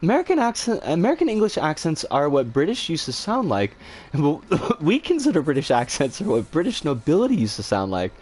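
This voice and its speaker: A man streaming and chatting casually, answering viewer comments in a rambling, animated way with some swearing. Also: a little high, brisk, breathy edge.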